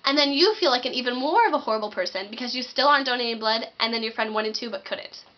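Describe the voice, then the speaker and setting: A teenage girl rants to camera for comic effect, talking fast and casually and slipping into little impressions of the people in her stories. Her voice sits fairly high. The recording is muffled and lo-fi. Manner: chatty, lots of "like", acts out quoted voices. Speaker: vlogger. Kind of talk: comedic rant to camera.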